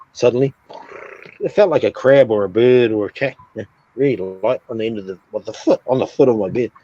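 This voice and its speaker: A man's voice: fairly low pitch, moderate pace, long pauses, warm tone, breathy edge. A man telling a sleep paralysis story on a casual stream, swearing a lot and acting out sounds and his own reactions. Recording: dull lo-fi stream audio.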